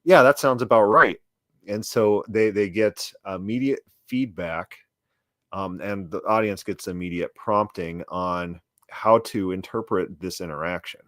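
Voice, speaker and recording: A man's voice: low-pitched, a little slow, dry recording, clean studio sound. A man casually looking back on a debate he took part in, stumbling over and repeating words while bluntly dismissing his opponent. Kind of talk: casual commentary.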